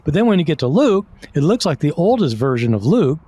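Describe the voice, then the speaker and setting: A man's voice: on the high side, big pitch swings, brisk, warm tone, slightly rough. A man explaining as a guest scholar in an interview, conversational, with many fillers and restarts.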